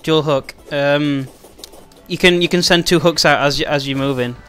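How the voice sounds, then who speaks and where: A man's voice: fairly high pitch, steady tone, moderate pace, a bit bright, clean tone, soft background music. A young man from Britain hosting a group game session, casually explaining mechanics and laughing often. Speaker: host of a multiplayer game session. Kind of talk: casual gaming chat.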